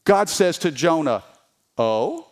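A male pastor delivering a sermon in a high, lively voice that leaps up and down. He is animated and playful, cracking jokes, calling out for the crowd to respond and acting out the scripture as he reads it. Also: normal speed. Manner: animated, humorous, calls for congregation responses.

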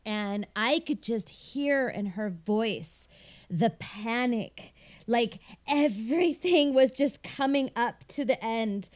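Lively storytelling woman, slightly high voice. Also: slow pace. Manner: animated storyteller who acts out the people she quotes. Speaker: wedding planner. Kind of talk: casual podcast chat.

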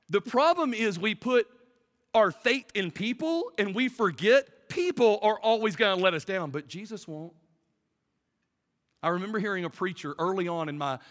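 A man in his forties preaching a sermon from a church stage, talking to the room like a conversation and swinging between loud bursts and hushed lines. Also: on the high side. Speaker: pastor. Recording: long hall reverb.

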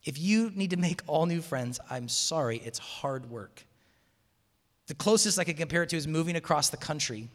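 A man's voice: on the high side, quick pace, hardly any pauses. A man from the Seattle area giving a conversational sermon to students in a large hall, telling stories animatedly with frequent restarts. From Seattle area, USA. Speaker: campus minister speaking to students. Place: large hall with live audience. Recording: long hall reverb.

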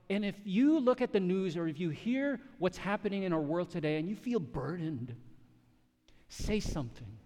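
Dynamic high-voiced male pastor preaching. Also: big-room sound. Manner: dynamic preaching, swinging from loud emphatic peaks to hushed quiet. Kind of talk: sermon.

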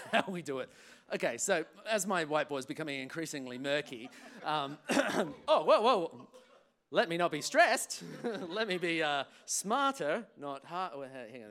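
A lively man speaks to a conference, swinging his fairly high voice up and down as he jokes and acts out little scenes. He speaks as a psychologist explaining emotional health, animated and playful. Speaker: guest speaker, clinical psychologist. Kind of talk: energetic conference talk.

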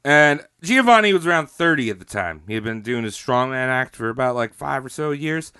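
A man's voice: medium pitch, animated, a little fast, pushed and bright, smooth, no room sound, studio quality. A man hosting a podcast, telling a history story in a rambling, joking way, often laughing, a little tipsy. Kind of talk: casual comedic storytelling.

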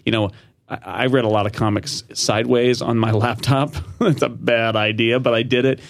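Animated man with a gravelly voice. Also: mid-range voice, dry recording. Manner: animated, restarts often, laughs easily. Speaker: podcast guest. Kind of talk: casual podcast chat.

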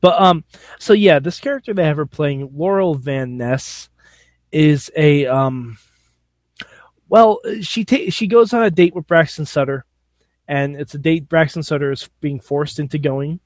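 Man, slightly high voice, animated jokey recap, dry close mic. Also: a little slow, no room sound. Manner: animated, laughing, jokey storytelling. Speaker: podcast co-host recapping wrestling. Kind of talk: casual chat.

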